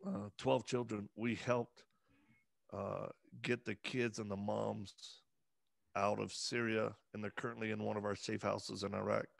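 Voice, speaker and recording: Man guest, gravelly voice, earnest halting delivery, dry close mic. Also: lowish voice, flat delivery, dry recording. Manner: earnest, halting, many fillers and restarts. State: emotional, voice breaking at times. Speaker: interview guest. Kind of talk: conversational interview.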